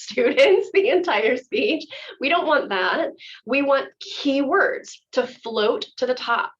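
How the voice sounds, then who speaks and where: A woman acting teacher giving a chatty, enthusiastic workshop explanation. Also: a little high. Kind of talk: workshop instruction. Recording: dull lo-fi audio.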